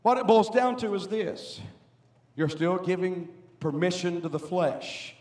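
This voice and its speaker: Pastor, male, high voice, sermon with loud swells. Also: a little slow. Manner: preaching with rising, shouted emphasis. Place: church sanctuary.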